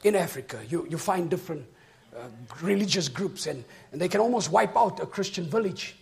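A man preaching a sermon. He tells a story and then builds to shouted, rhythmic preaching. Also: high voice, animated, brisk, vocal fry.

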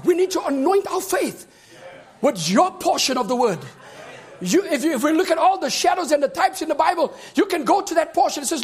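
A male preacher delivering a fervent sermon, often shouting and calling on the congregation for amens. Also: very high-pitched, lively intonation, brisk.

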